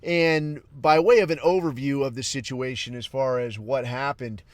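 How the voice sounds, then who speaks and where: A man's voice: mid-range voice, fairly even intonation, moderate pace, dry recording. A man hosting a podcast, talking in a casual, profane, rambling solo monologue that flares up into heated outbursts. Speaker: podcast host.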